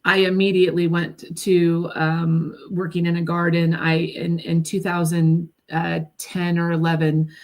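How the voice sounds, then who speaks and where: A woman guest in a casual interview, talking earnestly with lots of fillers and restarts, speaking from home. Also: sits low. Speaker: guest, food nonprofit executive director. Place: at home by her garden.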